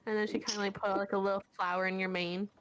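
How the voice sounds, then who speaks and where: A woman running a tabletop game, describing scenes casually and loosely. She leans on fillers as she narrates, and her voice sits at a middle pitch. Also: level tone, racing, fairly bright tone. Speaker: game master.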